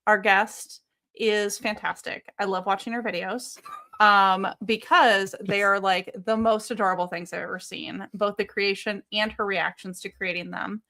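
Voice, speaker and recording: A woman's voice: medium pitch, fairly even intonation, normal speed, bright, forceful tone, no echo. A young woman co-hosting a podcast livestream, chatting casually with easygoing, giggly banter. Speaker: podcast co-host.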